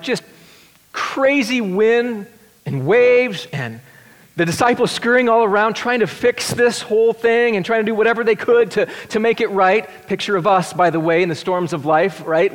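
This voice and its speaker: A man preaches to his congregation, his fairly high voice climbing when he voices worried questions and sinking to hushed tones for tender moments. His words ring out with a long reverb, as if carried through a large church hall. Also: moderate pace. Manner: animated, shifts between excited and hushed tender delivery. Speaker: pastor. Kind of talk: sermon.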